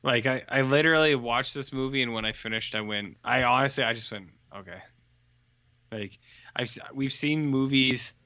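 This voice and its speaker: A man co-hosting a podcast, chatting casually and rambling through deadpan stories. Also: medium pitch, fairly quick, no echo, highs cut off. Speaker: podcast co-host. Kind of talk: casual chat.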